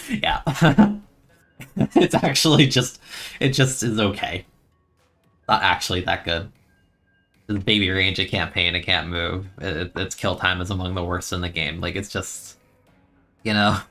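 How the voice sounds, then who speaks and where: A man's voice: deep voice, unhurried, pauses often, a bit bright, soft background music. A young man streaming a video game, chatting in a rambling, easygoing way and laughing often. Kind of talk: casual gameplay commentary.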